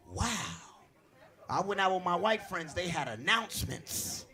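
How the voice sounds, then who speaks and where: A man doing a stand-up comedy set on a club stage, brash and profane, telling stories loudly to a live audience. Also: high-pitched, normal speed. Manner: brash, profane, animated storytelling.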